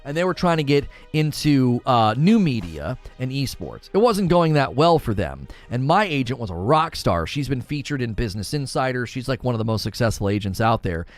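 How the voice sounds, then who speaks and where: Animated male streamer chatting casually. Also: mid-range voice, fairly quick, hardly any pauses, dry recording, soft background music. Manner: chatty, animated, laughs often, reads chat aloud. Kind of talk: casual livestream chat.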